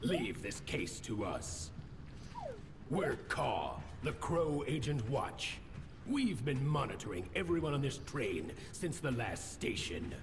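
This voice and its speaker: An actor voicing an officious crow detective agent in a game, giving commanding orders. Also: male voice, medium pitch, big pitch swings, takes it slowly. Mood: stern. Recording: reverberant with clear noise.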